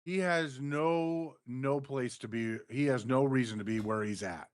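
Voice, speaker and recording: A man co-hosting a wrestling podcast, backing up his partner with steady commentary. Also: mid-range voice, measured pace. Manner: agreeing backchannels, mocking imitations.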